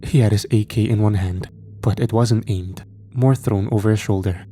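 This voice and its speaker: A man narrating a first-person horror story in a measured, steady way. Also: fairly low pitch, slight background noise.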